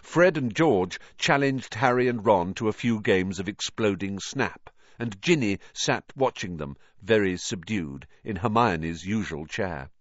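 A man narrating a storybook with an expressive, varied delivery. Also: on the low side, measured pace, hardly any pauses, dry recording, highs cut off. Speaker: audiobook narrator.

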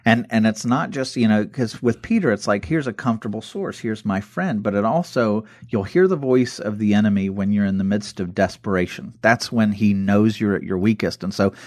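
A man in casual conversation, retelling Bible stories with lively acted-out quotes. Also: lowish voice, normal speed, hardly any pauses, no room sound, studio quality. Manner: animated storytelling, acts out quoted voices.

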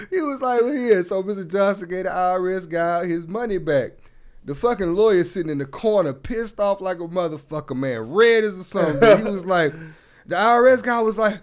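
A man co-hosting a casual comedy podcast, telling a long joke and acting out each character's lines with frequent laughter. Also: high voice. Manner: animated storyteller, acts out the characters' lines, laughs often. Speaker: podcast co-host.

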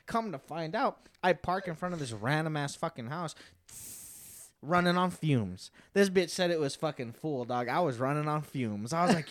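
A man's voice: a little high, moderate pace. A young man in casual chat, telling a story with lots of swearing and laughing. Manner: animated, swears constantly, laughs through his story.

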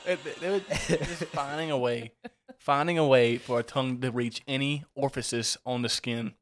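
A man's voice: mid-range voice, fairly even intonation, normal speed. A man joking along with friends in a casual movie chat, with laughing asides. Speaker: friend on a movie reaction show.

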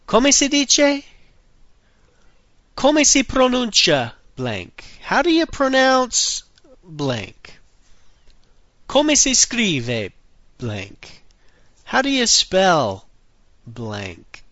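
A man teaching a recorded language lesson, saying phrases slowly and clearly and repeating them for drills, with the occasional dry aside. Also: medium pitch, fairly bright tone, no room sound, muffled recording.

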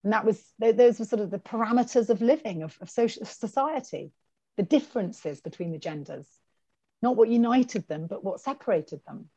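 A woman's voice: fairly high pitch, fairly quick, slightly rough, no room sound. A woman, an author, chatting in a podcast interview over a video call, telling stories animatedly and mimicking the people she quotes. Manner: animated storyteller, quotes people in their voices. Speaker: author and guest.

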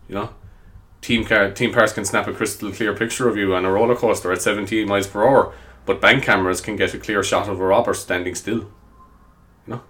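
A man rambles through a solo podcast, chatting away about whatever pops into his head. He mocks himself, swears freely and keeps calling his listeners lads. His voice sits fairly low for a man. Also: fairly bright tone. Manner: self-mocking, chatty, swears casually. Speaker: podcast host.

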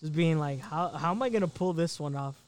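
A man's voice: fairly high pitch, a little fast. A man co-hosting a podcast in casual chat, boisterous, swearing and laughing often. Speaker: podcast co-host.

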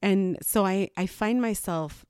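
A woman's voice: medium pitch, measured pace, a little mellow, clean tone, no echo, clean studio sound. A woman in her thirties talking to camera as a mother, venting her frustration with occasional rueful laughs. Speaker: mother of an adopted child. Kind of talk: personal vlog monologue.

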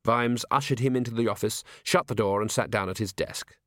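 A man narrating an audiobook with expressive, dry comic timing. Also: fairly low pitch, fairly quick, no room sound.

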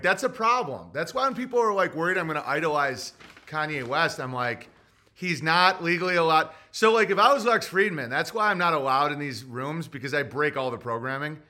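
A man hosting his own show in a loose, rambling comic rant, profane and provocative throughout. His voice sits high for a man and sounds bright and forceful. He doubles back mid-sentence and piles on jokes. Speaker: podcast host.

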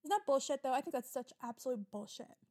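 A young woman rambles through a solo podcast episode with a fairly high voice. She swears casually and gets easily riled up, her delivery animated and chatty. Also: quick pace. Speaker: podcast host.

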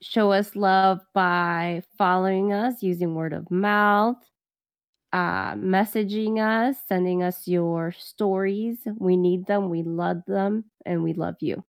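A woman's voice: mid-range voice, steady tone, slow pace, clean tone, dry recording, clean studio sound. A woman co-hosting a podcast in casual chat, swearing freely, laughing and acting out other people's words. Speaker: podcast co-host.

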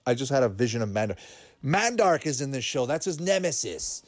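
A man's voice: medium pitch, big pitch swings, a little fast, dry recording, faint music behind. A man chatting casually while watching a cartoon, laughing often and thinking aloud with fillers. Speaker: cartoon reaction commentator. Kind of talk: casual watch-along commentary.

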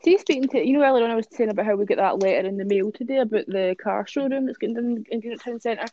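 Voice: medium pitch, racing, mellow, lo-fi sound. A co-host of a podcast, chatting casually and dryly, steering the talk with questions and blunt remarks. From Scotland. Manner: dry, steering the conversation. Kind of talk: casual sweary chat.

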